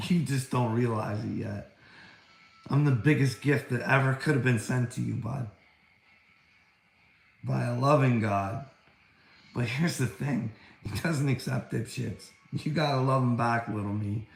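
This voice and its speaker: A man's voice: mid-range voice, a little slow, vocal fry, pauses often, roomy sound. A man in a rambling livestream rant, taunting and preachy, swearing often and laughing between lines. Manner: taunting, calls listener "bud", frequent laughter; profane, preachy.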